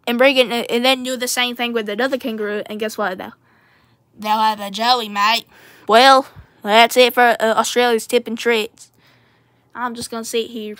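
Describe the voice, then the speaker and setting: Woman voicing chatty country character, bright and a bit high, tacks "mate" onto every line. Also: level tone, moderate pace, natural voice. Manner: ends nearly every sentence with "mate", rambling. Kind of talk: playful home role-play video.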